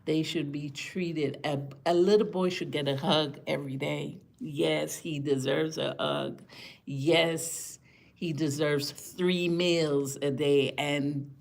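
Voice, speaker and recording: A woman talking casually to live-stream viewers, chatty and indignant, repeating words for emphasis, tired after a rough morning. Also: deep voice, fairly even intonation, slow.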